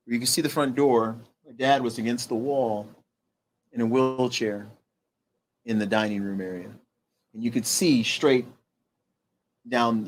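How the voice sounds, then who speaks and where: Speaking in a mid-range voice, this middle-aged interview guest stumbles through a personal story, restarting and using fillers. He gets softer when the story turns heavy.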